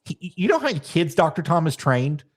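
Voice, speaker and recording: A man who wrestles, chatting in a loose, animated storytelling style and dropping casual swears. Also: fairly high pitch, a little fast.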